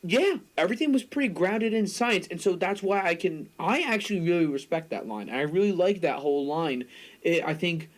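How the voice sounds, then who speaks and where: Talkative young man, rather high voice. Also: animated, moderate pace, poor audio. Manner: talkative, opinionated, hedges with "like" and "I mean". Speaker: podcast co-host. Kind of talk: casual chat.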